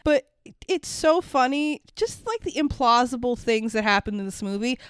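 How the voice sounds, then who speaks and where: A woman's voice: fairly high pitch, moderate pace, clear, resonant tone, no echo, clean studio sound. A young adult woman co-hosting a podcast, chatting casually and sarcastically about a movie, swearing and acting out lines. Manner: animated, sarcastic, swears freely, acts out quotes. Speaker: podcast co-host. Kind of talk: casual movie review chat.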